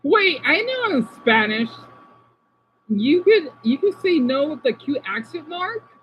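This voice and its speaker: A woman's voice: high-pitched, big pitch swings, a little slow, lo-fi sound. A woman live-streaming in a casual, chatty way, talking to viewers by name and sounding out unfamiliar words. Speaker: livestreamer reading chat.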